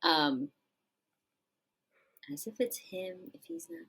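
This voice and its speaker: Low bright-voiced woman recapping a show. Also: lively intonation, takes it slowly, creaky, breathy edge, low-quality recording. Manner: retells scenes, acts out the lines she quotes, corrects herself often. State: keeps clearing her throat. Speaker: podcast co-host. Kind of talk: casual episode recap chat.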